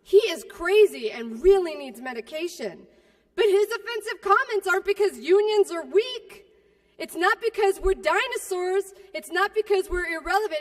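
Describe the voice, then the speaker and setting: A woman giving a fiery keynote speech at a union rally, profane and combative, swinging between quiet asides and shouting. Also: very high voice, expressive, moderate pace. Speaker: keynote speaker. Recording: long hall reverb.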